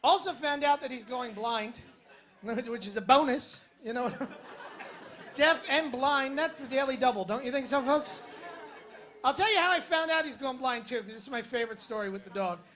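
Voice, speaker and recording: Onstage at a comedy club, a male comic tells wry stories and lands punchy jokes for a live audience. His very high voice is bright and forceful at a normal pace, with some chatter in the background.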